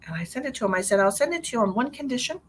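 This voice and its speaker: A middle-aged psychic medium hosts a live stream, chatting in a bubbly, rambling way and laughing often. Her fairly high voice is sing-song and very fast, with slight background noise.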